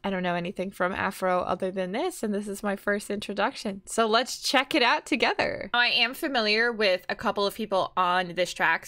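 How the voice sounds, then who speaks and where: Bright-voiced enthusiastic woman reacting. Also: mid-range voice. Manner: enthusiastic, exclaims "ooh" often. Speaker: reaction video host. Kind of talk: casual reaction commentary.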